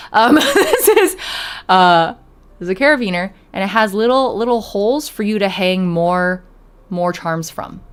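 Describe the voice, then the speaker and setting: A woman's voice: on the low side, smooth. A young woman streamer chatting casually with her viewers, giggling often and reading chat aloud.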